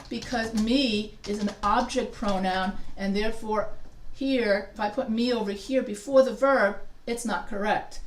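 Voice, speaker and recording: A woman's voice: medium pitch, slight background noise. A woman instructor giving a live grammar lesson, explaining step by step and quizzing her students. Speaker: writing instructor. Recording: echoey classroom from a distance.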